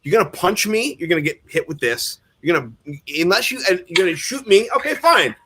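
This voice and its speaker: A man's voice: sits high, very animated, fairly quick, pushed and bright, slightly rough. A man in casual chat, ranting with joking exaggeration. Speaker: podcast co-host.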